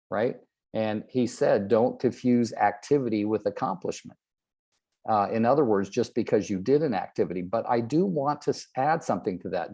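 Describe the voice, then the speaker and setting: Older man telling sales stories, low voice. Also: mellow. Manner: storytelling, acts out quoted people. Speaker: real estate trainer. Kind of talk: motivational talk to agents.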